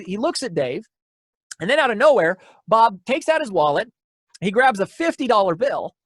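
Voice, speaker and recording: A man gives a motivational keynote talk in a high, bright-pitched voice, repeating his key lines for emphasis. He tells his stories with energy and restarts phrases often. The sound is dry and close, with no room echo.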